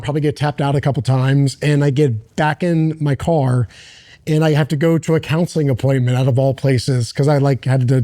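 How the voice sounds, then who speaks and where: A middle-aged man telling a personal story as a podcast guest, earnest and halting, with many restarts. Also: medium pitch, mellow. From United States.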